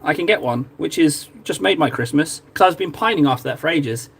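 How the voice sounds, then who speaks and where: A man's voice: on the high side, expressive, brisk, creaky, husky. A chatty, jokey man from Cornwall, talking casually to viewers while painting on a live stream. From Cornwall, England.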